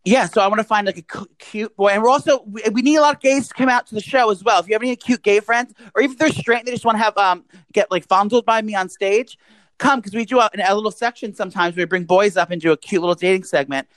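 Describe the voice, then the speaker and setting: A man's voice: sits high, quick pace, a bit bright, no echo. A young man co-hosting a podcast, campy and crude, rambling in casual chat. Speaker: podcast co-host.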